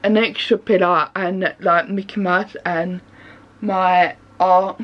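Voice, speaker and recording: This vlogger talks in a lowish, steady voice at a slow pace, drifting casually between subjects from her bedroom. It's a dull lo-fi home recording with slight background noise.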